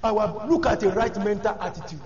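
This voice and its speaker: A man preaching a sermon, shouting emphatically and often breaking into exclamations of praise. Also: very high-pitched, moderate pace. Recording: echoey hall, dull lo-fi sound, congregation audible.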